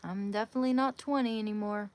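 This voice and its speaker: A woman's voice: medium pitch, fairly even intonation, fast talker, a little mellow. A woman in her thirties chatting casually on a live stream from home, reading and answering viewer comments as she talks. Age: 30s. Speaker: livestreamer. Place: home, near a bed. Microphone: phone or device camera.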